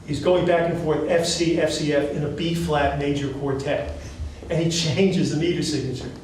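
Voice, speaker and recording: A male professor leads a classroom lecture, quizzing his students with an animated, encouraging manner. His voice sits a little high and reaches the mic from across the room. The recording is very echoey, with faint hiss underneath. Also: normal speed, recorded from a distance. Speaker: music professor.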